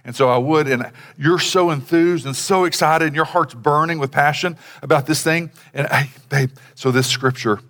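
A man's voice: fairly even intonation, moderate pace, few pauses, fairly bright tone. A middle-aged man preaching in a conversational, rambling way, full of fillers and restarts, with acted-out bits of dialogue. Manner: acts out quoted dialogue in a lower voice. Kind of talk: sermon on family devotions. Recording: long hall reverb.

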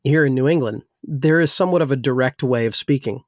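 A man's voice: medium pitch, quick pace, dry recording, studio quality. A man who grew up in New Jersey and now works as a pastor, talking casually and rambling with many restarts, his voice still a little weak. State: slightly weak voice. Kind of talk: casual discussion.

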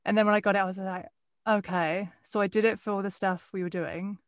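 A woman's voice: mid-range voice, little pitch movement, fast, dry recording, studio quality. A woman actor with a mild Essex accent, telling rambling anecdotes in a casual conversation. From England. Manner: chatty, rambling anecdotes, frequent restarts.

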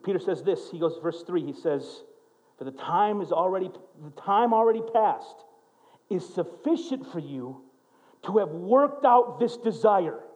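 A man preaching a sermon as a pastor, telling stories and acting out quotes in an animated way. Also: high voice, unhurried. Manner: animated, storytelling with acted-out quotes.

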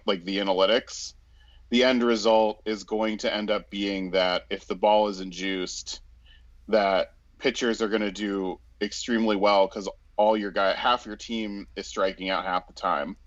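A man's voice: lowish voice, dry recording, highs cut off. A man in casual sports chat, rambling with many fillers and restarts.

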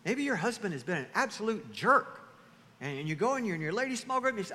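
A man preaching a sermon to his church, animated, often acting out the voices of the people he quotes. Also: high-pitched, quick pace. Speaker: pastor. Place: church sanctuary. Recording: reverberant hall, faint ambience.

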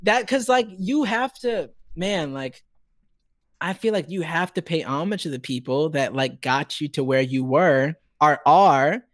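A young man, a stage actor, telling stories in a casual chat, animated and full of "like". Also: a little high, a little slow, dry recording, studio quality. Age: young adult. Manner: animated, chatty, heavy use of "like". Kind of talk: casual conversational storytelling.

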